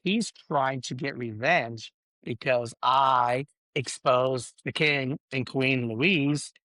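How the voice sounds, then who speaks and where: A man's voice: medium pitch, sing-song, a little slow, vocal fry, bright, forceful tone, no echo. A middle-aged man hosting a solo podcast, ranting emotionally, swearing and saying "bro" in nearly every sentence as he rambles and restarts. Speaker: podcast host.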